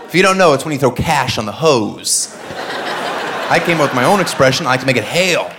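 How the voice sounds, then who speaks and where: A male stand-up comedian with a sarcastic, deadpan-then-loud delivery, performing live in a comedy club. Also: mid-range voice, brisk, a little hiss or hum. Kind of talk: stand-up routine. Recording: live club set with loud crowd laughter.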